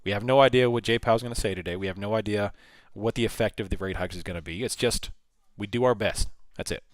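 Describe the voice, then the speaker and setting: A man's voice: lowish voice, fast, no room sound. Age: adult. Sex: man. Role: live trading stream host. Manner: chatty, thinks aloud. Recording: dry, close. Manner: chatty, thinks aloud, repeats and restarts phrases. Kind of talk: casual live market commentary.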